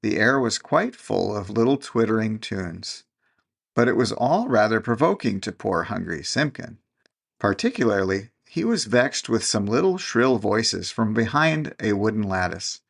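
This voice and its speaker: Gravelly-voiced male storyteller. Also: lowish voice, sing-song, measured pace. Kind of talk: storybook narration.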